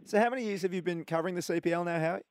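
A man co-hosting a radio show, asking quick, friendly questions in casual chat. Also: high voice, a little hiss or hum. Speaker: radio co-host.

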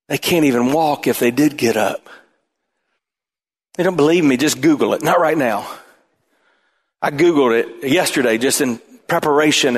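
A man preaching a sermon as pastor, emphatic and at times shouting. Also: on the high side, husky.

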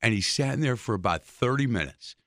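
A man hosting an interview, telling a lively story with stammered restarts. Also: mid-range voice, fairly quick, dry recording, studio quality. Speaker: host.

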